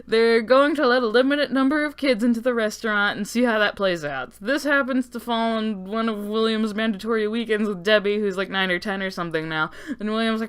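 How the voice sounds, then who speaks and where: Woman doing a lore breakdown, sarcastic and sweary, smooth clear voice. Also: a little high, brisk, hardly any pauses. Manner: sarcastic, profane, joking asides. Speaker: video essay host.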